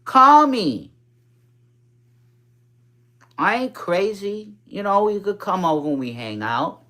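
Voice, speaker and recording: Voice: mid-range voice, lively intonation, moderate pace, a bit bright. A speaker in their forties with a New York accent and a slight speech impediment, chatting casually on a livestream in a rambling, profane way that sometimes turns childlike. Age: 40s. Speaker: drag performer livestreaming.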